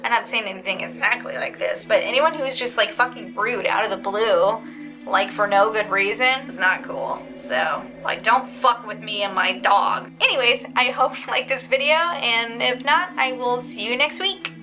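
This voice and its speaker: A woman's voice: fairly high pitch, moderate pace, low-quality recording. A woman vlogger casually telling a story in a profane, indignant rant, recorded outdoors on a windy day. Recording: music bed under the voice.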